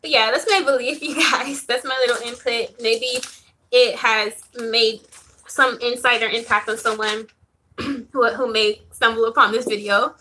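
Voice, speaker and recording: A young woman talking casually to camera about spirituality, loose and chatty, with lots of "um"s and soft laughs. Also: a little high, steady tone, a little slow, a little hiss or hum. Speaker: spiritual reader vlogger. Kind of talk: casual talking-head vlog.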